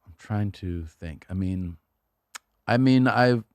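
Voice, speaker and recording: A man's voice: fairly low pitch, takes it slowly, smooth, dry recording. A man, a comedian guest on a podcast, talking in a rambling, profane, self-mocking way. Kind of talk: casual chat.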